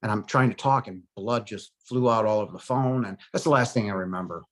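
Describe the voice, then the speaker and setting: A middle-aged man telling the story of his near-death experience in a halting, emotional way, with many pauses and fillers. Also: on the low side.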